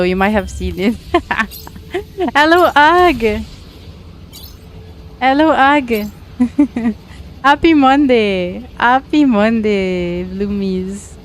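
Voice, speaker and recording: A woman's voice: mid-range voice, slow, faint music behind. A woman from France with a French accent, chatting casually with her viewers during a game stream, giggly and talkative as she greets people by name. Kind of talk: casual live-stream chat while gaming.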